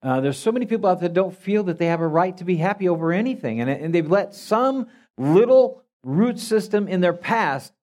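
A man's voice: fairly high pitch, darkish tone. Folksy male pastor preaching. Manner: folksy storytelling with laughs and restarts. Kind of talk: sermon.

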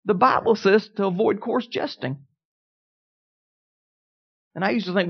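An emphatic preacher at mid pitch, driving home each line of the sermon and often putting questions to the congregation. Every declaration is repeated with more weight. The sound is dull and lo-fi. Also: unhurried, vocal fry, husky.

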